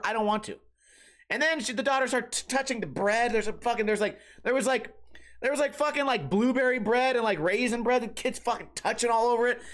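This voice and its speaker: A man hosting a comedy podcast, telling rambling, profane stories in a casual, animated way. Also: high voice. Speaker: podcast host.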